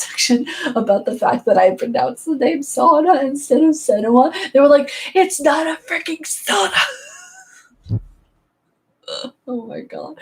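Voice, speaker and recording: A woman chatting casually with her live-stream viewers, sarcastic and rambling, often breaking into giggles. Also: mid-range voice.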